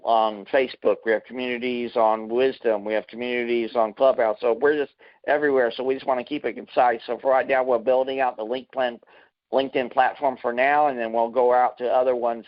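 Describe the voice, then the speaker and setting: A man's voice: medium pitch, muffled recording. A man as a talk radio guest, eager and promotional, often repeating himself.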